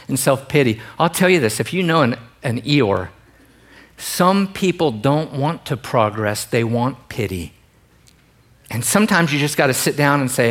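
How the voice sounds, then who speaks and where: Animated joking preacher man. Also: medium pitch, a little slow. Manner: animated, joking, swings between quiet emphasis and loud bursts. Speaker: pastor. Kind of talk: sermon.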